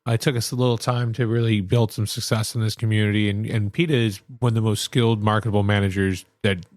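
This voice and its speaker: A middle-aged man, a chef and restaurant owner, talking casually in an interview, self-assured but halting with many restarts. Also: fairly low pitch, level tone, dry recording, studio quality.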